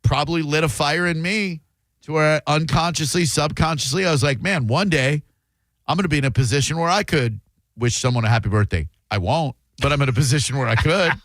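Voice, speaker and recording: A man's voice: fairly high pitch, a little fast, fairly bright tone, dry recording, studio quality. Self-mocking male radio host. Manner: rambling, self-mocking storyteller. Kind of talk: casual radio talk. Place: radio studio.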